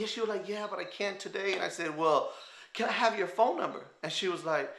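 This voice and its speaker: A man with a Texan accent telling a lively story as a guest on a talk show, acting out what people said and laughing often. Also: high voice, fairly quick, a little hiss or hum. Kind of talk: animated storytelling. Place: television studio. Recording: roomy studio echo.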